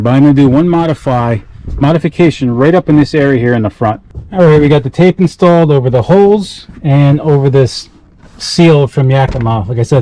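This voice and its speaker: Short-of-breath man, casual gear vlogger, mellow and dark in tone, loose and self-correcting. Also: medium pitch, low-quality recording. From South Carolina. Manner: rambling, self-correcting, talks while working with his hands. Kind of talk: casual how-to vlog.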